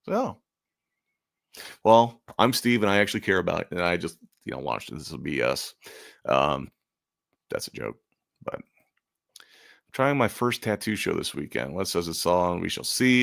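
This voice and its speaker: A man with a low, gravelly voice talks in a loose, rambling way. He slips in dry, self-deprecating jokes. The sound is close and dry, with little room around it. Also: lively intonation, moderate pace, long pauses, a bit bright, dry recording. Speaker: convention artist and channel host. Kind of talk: casual chat.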